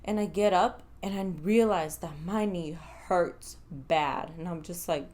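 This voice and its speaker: A young woman vlogger telling a casual story, animated and swearing freely, laughing now and then. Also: lowish voice, measured pace.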